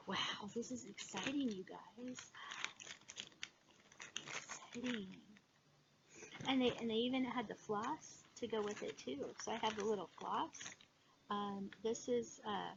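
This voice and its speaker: A woman chatting casually in a haul video, gushing with excitement and filling pauses with "um". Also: on the high side, gravelly. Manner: excitable, gushing, many fillers. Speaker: cross-stitch vlogger. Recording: dull lo-fi sound with background noise.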